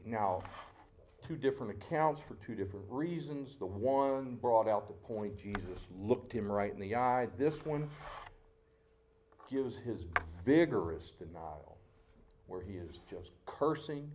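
A middle-aged man preaching a sermon as pastor, with an emotional, dramatic delivery that swings between loud outbursts and hushed asides. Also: on the low side, lively intonation, a little slow, pauses often, dull audio, a little hiss or hum.

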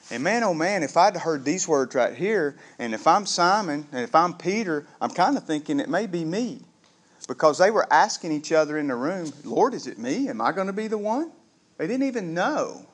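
A man preaching a sermon, conversational and animated, calling the congregation "gang" and asking them questions. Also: on the high side. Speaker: pastor.

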